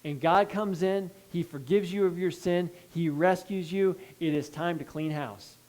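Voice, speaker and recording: A male pastor preaching a sermon, reading scripture and breaking in with asides, moving between hushed pleading and loud emphasis. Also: high-pitched, a little slow, poor audio. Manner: reads scripture then breaks in with asides and checks like "okay?".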